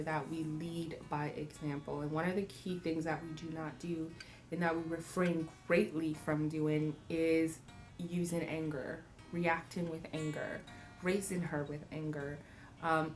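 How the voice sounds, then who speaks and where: Animated woman chatting over soft music. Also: low voice, moderate pace. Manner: animated, laughing often, acting out voices. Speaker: parenting vlogger. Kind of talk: casual reflective talk. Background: faint acoustic music.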